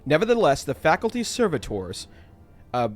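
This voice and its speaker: A dutiful male ship's vox officer delivering an ornate, formal report to his captain, read by a man close to his own voice. The phrasing is stiff and ceremonious. The pitch sits a touch above a plain middle. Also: sing-song, normal speed.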